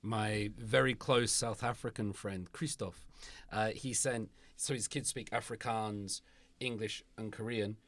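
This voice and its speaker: A man's voice: fairly low pitch, steady tone, a little slow, fairly bright tone, dry recording. A man hosting a podcast interview who asks long, rambling questions with many restarts. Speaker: podcast host. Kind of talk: casual interview.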